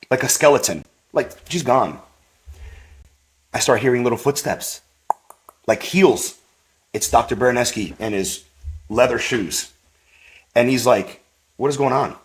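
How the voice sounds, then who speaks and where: Animated man telling a faith story. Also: mid-range voice. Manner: rambling, full of "like" and "you know"; animated, acts out quoted voices. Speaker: podcast guest. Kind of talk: personal testimony storytelling.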